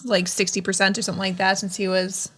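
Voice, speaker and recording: A woman's voice: mid-range voice, level tone, quick pace, a bit bright, soft background music. A woman co-hosting a podcast in casual chat, chiming in with short remarks. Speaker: podcast co-host.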